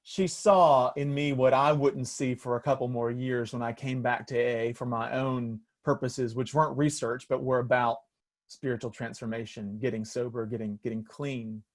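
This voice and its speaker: A man's voice: mid-range voice, flat delivery, moderate pace. A man, a pastor, telling a story in an earnest, reflective sermon style with frequent restarts, speaking over a video call.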